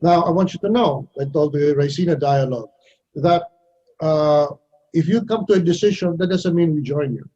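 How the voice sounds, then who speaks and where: Interview guest: older man from the Philippines, husky and mellow, blunt and wry, slips into other people's voices. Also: fairly high pitch, normal speed, muffled recording. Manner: blunt, wry, acts out others' lines with shifts in voice. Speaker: foreign minister, guest. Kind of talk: candid interview answers.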